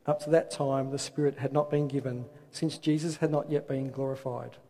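A man's voice: mid-range voice, fairly even intonation, moderate pace, dark tone. A man preaching a sermon, asking rhetorical questions and reading scripture aloud. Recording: long hall reverb.

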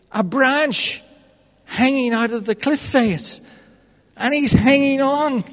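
Slow high-voiced male preacher. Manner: earnest, storytelling, personal. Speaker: pastor. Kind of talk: sermon. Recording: echoey hall reverb.

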